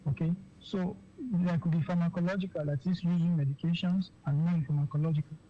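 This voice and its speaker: A physician with a Nigerian English accent, a guest on a radio interview, explaining slowly with many fillers, okays and repeated words. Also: mid-range voice, steady tone. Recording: dull lo-fi radio sound with faint noise.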